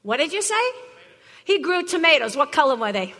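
A woman's voice: sits high, sing-song, a little fast, pushed and bright, in a large hall, full character voice. An actress playing a pushy, brash botany teacher who teases her class in a comedy sketch. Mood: brassy. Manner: brassy, teasing, talks straight at a class. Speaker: comic actor playing a teacher.

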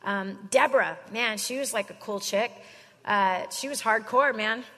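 Woman speaker, higher voice, slangy casual sermon, long hall echo. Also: unhurried, a bit bright. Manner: slangy, chatty storytelling. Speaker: Christian speaker.

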